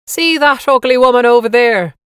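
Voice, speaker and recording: Lady doing a loud jokey irish bus driver guy, booming, drags his words out. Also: normal speed, clean tone, no room sound, studio quality, natural voice. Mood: joking. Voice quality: booming, broad Irish accent put on. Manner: joking, loud and drawn out. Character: jolly joking male Irish bus guide.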